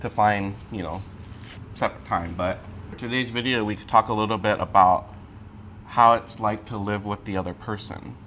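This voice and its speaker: A man's voice: on the low side, normal speed, slight background noise. A man co-hosting a casual mukbang chat at home, sassy and complaining as he eats. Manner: sassy, animated, complaining while eating. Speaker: co-host.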